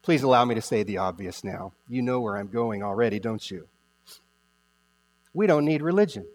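A male pastor preaching a sermon, emphatic, repeating key phrases and slowing down to stress them. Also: mid-range voice, lively intonation, in a large hall.

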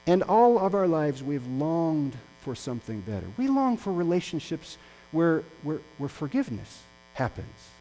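Man preaching a sermon, really lively pitch, goes loud then quiet. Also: normal speed, a little hiss or hum, low-quality recording. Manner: impassioned, swings between loud and hushed. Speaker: pastor.

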